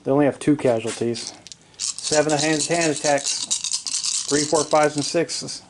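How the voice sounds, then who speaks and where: Excitable man calling tabletop dice rolls. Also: fairly high pitch, normal speed, noisy background. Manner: excitable, swears and jokes at his own dice rolls. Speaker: wargaming hobbyist narrating a battle report. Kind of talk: casual play-by-play of a tabletop wargame. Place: home basement.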